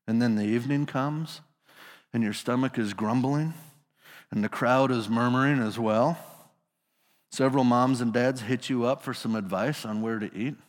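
A man's voice: medium pitch, moderate pace, big-room sound. A male pastor preaching a sermon in a casual storytelling manner, putting his listeners into the scene.

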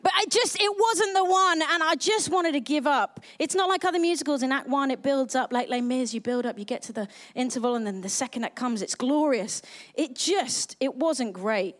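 A woman's voice: high voice, lively intonation, normal speed. A young woman pastor giving a live sermon in a bubbly, chatty, self-mocking way.

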